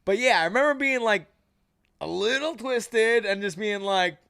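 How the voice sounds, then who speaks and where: A young man co-hosting a podcast, telling stories in an animated way and swearing freely. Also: sits high, normal speed, vocal fry. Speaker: podcast co-host and fighter. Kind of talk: casual chat, telling a story.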